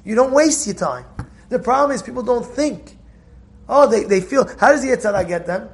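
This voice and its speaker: A man's voice: extremely high pitch, lively intonation, brisk. A man giving an informal Torah lesson, telling stories animatedly with repeated phrases and acted-out dialogue.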